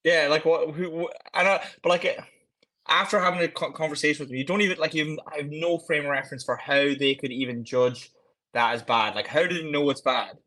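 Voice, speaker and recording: A man's voice: a little high, fairly quick, sharp tone. A man co-hosting a casual fitness chat, blunt and frank about how clients move. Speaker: fitness coach, podcast co-host.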